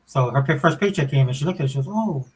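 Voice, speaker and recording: A middle-aged man with a mid-range, breathy voice races through his words on poor audio. Co-hosting a podcast, he chats casually and animatedly, rambling through stories with plenty of fillers.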